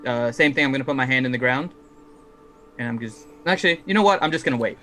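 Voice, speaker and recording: A man's voice: medium pitch, animated, quick pace, bright, forceful tone, soft background music. A man playing a tabletop game, talking casually and a little hesitantly. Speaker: player.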